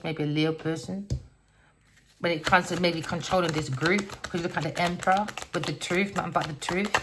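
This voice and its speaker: With background noise around her, a woman with a lowish voice does a casual tarot reading. She rambles bluntly through stories, cursing all the while.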